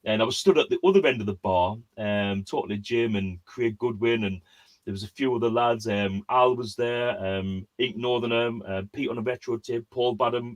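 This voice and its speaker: A man hosting an online quiz, chatting casually and telling a rambling story with lots of fillers and restarts. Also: mid-range voice. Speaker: quiz host. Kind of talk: casual chat.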